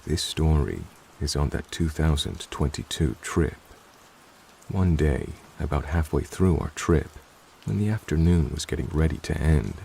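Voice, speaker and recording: A man with a gravelly voice reading a first-person story in an even, low-key manner. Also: slight background noise, low-quality recording. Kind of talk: scripted narration. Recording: rain sounds behind the voice.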